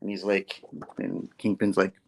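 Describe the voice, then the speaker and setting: A man's voice: low-pitched, monotone, normal speed, creaky. A man reviewing a comic book on a casual talk show, retelling the story with lots of "like" and "you know". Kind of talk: casual chat.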